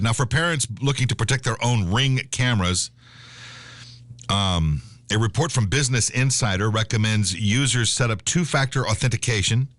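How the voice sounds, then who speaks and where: A man's voice: mid-range voice, normal speed, a bit bright, dry recording. A man hosting a casual radio talk show, reading the news aloud and rambling on with plenty of fillers, on a studio mic.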